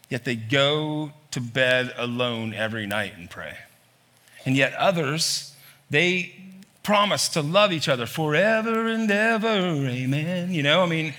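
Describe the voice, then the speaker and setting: Male pastor mid-sermon, bright, forceful tone, heavy on rhetorical questions. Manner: lively preaching, voice climbing high on emphatic lines; asks many rhetorical questions. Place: church hall.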